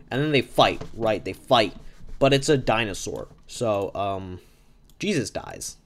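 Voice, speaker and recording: A man's voice: fairly low pitch, lively intonation, unhurried. A man hosting a podcast, improvising a silly, rambling comic story and often correcting himself. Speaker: podcast host.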